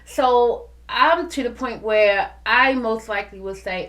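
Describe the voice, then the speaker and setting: Woman host, forties, lively and preachy, talks straight to the listener. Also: a little high, normal speed, few pauses. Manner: animated, preachy, addresses listeners as y'all. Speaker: podcast host. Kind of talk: casual motivational talk.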